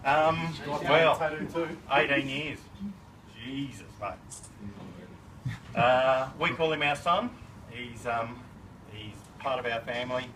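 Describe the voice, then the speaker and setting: A man's voice: mid-range voice, slow, long pauses, crowd noise. Man telling a party story. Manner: laid-back storytelling with chuckles and slang. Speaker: family friend giving a birthday speech. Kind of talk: casual party speech. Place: party in a shed. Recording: far from the mic, noisy room.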